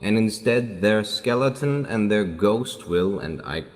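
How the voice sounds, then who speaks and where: A man officiating at a funeral in a solemn, measured way, making a formal announcement. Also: lowish voice, expressive. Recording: long hall reverb.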